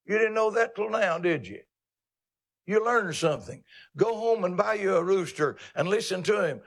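A man preaches a sermon in a folksy, dramatic way, teasing his listeners. His voice sits a little high and has a gravelly grain. He mixes scripture with plain-spoken jokes. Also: expressive, moderate pace.

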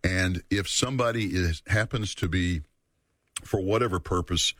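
A man teaching a Bible study series in an earnest, measured way, repeating words for emphasis. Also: low voice, fairly bright tone, dry recording.

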